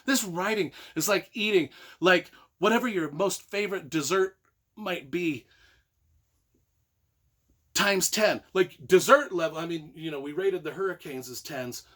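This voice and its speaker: A man giving an excited, casual book review, rambling and repeating himself, now and then breaking into loud emphatic bursts. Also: high voice, measured pace.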